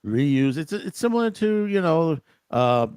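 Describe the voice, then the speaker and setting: A man co-hosting a podcast, talking in an easygoing, agreeable way with halting restarts. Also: fairly high pitch, big pitch swings, a little mellow, clean tone, no echo. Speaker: podcast co-host. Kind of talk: casual chat.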